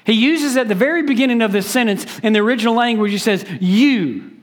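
A pastor preaching a sermon, stressing words by repeating them and switching between quick and slow delivery. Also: very high voice.

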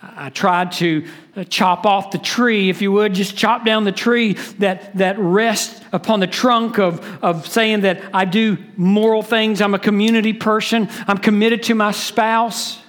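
A pastor preaching a sermon, stressing words by repeating them and switching between quick and slow delivery. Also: high voice, fairly even intonation, a bit bright.

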